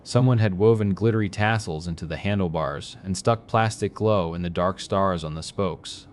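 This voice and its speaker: A man reads a horror story in a very deep voice. His delivery is measured and grim, with a faint hiss of noise behind him. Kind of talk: scripted horror narration.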